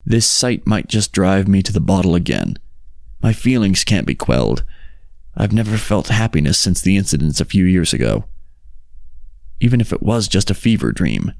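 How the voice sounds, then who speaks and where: A man giving a measured, somber scripted reading of a horror story in journal form. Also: low-pitched, big pitch swings, vocal fry, darkish tone, no room sound. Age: 60s. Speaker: story narrator.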